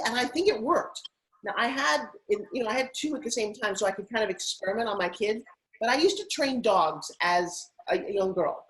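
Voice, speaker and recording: A middle-aged woman, a TV host and spokesperson, telling animated stories as an interview guest. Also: a little high, low-quality recording. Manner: animated, rapid anecdotal telling. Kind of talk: casual interview storytelling.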